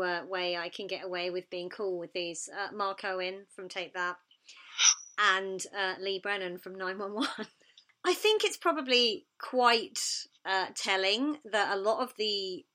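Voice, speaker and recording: A woman's voice: medium pitch, pushed and bright. A woman, co-hosting a podcast in giggly, self-deprecating casual chat. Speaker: podcast co-host.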